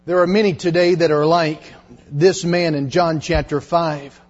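A middle-aged male preacher giving a dramatic sermon to teenagers, dropping to hushed tones when he retells confessions. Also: high-pitched, moderate pace. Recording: dull lo-fi sermon recording.

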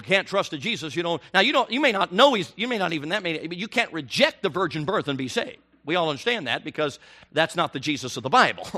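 A middle-aged man preaching a sermon, animated and rising to near shouts on his emphatic questions. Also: on the high side.

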